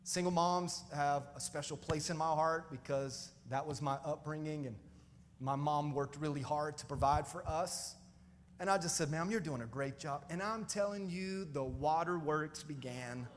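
High-voiced pastor preaching in an echoey hall. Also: male voice, measured pace, slight background noise. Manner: animated, calls out to the congregation. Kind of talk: storytelling sermon.

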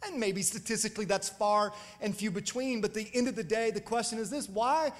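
A male pastor telling stories in a sermon, animated and calling out to the congregation. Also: high-pitched, fairly quick, long reverb tail. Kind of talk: storytelling sermon.

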